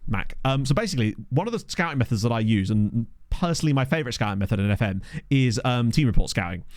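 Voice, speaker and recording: Brief: young male streamer from England, animated pitch, dry close desk mic, chatty live commentary over gameplay. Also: no room sound. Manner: chatty, answers chat, lively pitch swings. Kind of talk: casual chat while playing. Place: home streaming setup. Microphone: desk microphone.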